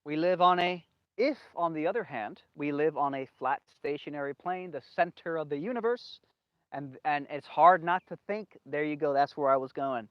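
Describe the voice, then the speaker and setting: A man's voice: on the high side, moderate pace, smooth, no room sound. Rambling man in a dull, dry recording. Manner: emphatic, repeats himself, loses his train of thought. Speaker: video host. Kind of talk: rambling solo monologue.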